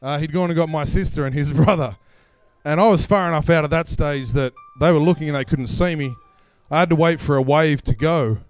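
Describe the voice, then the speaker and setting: Australian male storyteller, casual and self-mocking, fairly high, smooth voice, live stage mic, faint music behind. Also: fairly quick. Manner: casual, self-deprecating, laughs through lines. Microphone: stage microphone.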